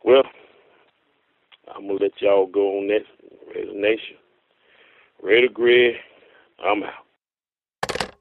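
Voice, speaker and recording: A man calling in to a radio show, ranting excitably and swearing, swinging between loud outbursts and low muttering. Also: slow, vocal fry, long pauses, no echo. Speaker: caller. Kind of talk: animated call-in rant. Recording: tinny phone line.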